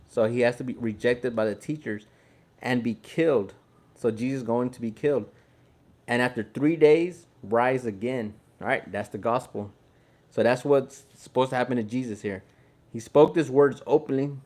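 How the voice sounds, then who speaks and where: A man's voice: mid-range voice, darkish tone. A man from Texas, reading the Bible aloud in a laid-back, chatty way and explaining it as he goes. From Houston, Texas. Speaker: Bible reader. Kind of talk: casual Bible reading with commentary.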